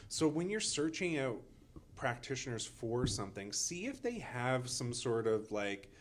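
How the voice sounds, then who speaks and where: A man's voice: mid-range voice, big pitch swings, measured pace, slight background noise. A man, a chiropractor co-host who hedges and fills his talk with "kinda" and "you know". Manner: hedging, many fillers like "kinda" and "you know". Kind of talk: casual podcast chat.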